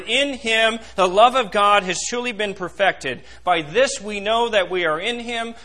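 A man's voice: high-pitched, sharp tone. A male pastor preaching a sermon in a church and putting questions to the congregation. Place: church sanctuary.

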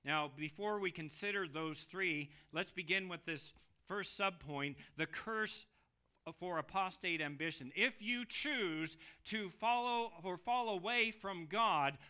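A bright, clear-voiced man delivers a sermon with strong emphasis. His fairly high voice drops to a hush and then swells into loud, drawn-out cries. The sound is crisp and penetrating throughout. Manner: emphatic, swings from hushed to loud exclamations. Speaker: preacher.

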